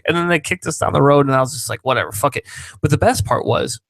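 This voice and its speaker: A man on a casual podcast telling a story with lively energy, swearing freely and acting out the voices of the people in it. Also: fairly high pitch, fast talker, vocal fry, no room sound. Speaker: podcast co-host.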